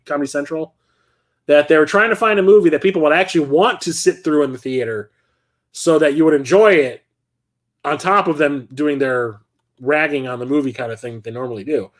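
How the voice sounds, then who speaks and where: Chatty man rambling about films. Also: a little high. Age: middle-aged. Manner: rambling, chatty, with frequent fillers and profanity. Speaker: host of a film collection stream. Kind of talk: casual film chat.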